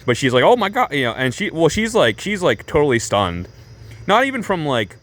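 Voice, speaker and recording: A man vlogging, telling a story casually in a rambling way, full of fillers and restarts, animated and breaking into laughs. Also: fairly high pitch, brisk.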